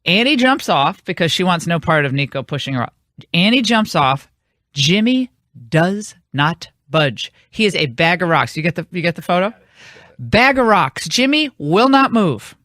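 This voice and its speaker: A woman's voice: fairly low pitch, lively intonation, moderate pace, a bit bright, no echo, clean studio sound. A woman hosting a radio talk show, telling a long rambling anecdote in casual on-air chat. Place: radio studio.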